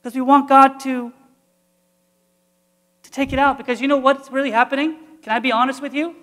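A man's voice: very high voice, steady tone, a little fast, a bit bright, big-room sound. A man, a priest, preaching an earnest, conversational sermon full of repetition.

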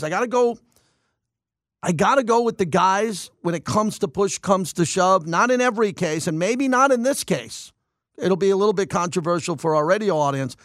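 A man hosting a sports talk radio show, delivering an energetic, opinionated monologue and thinking aloud with restarts. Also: on the high side, dry recording, studio quality.

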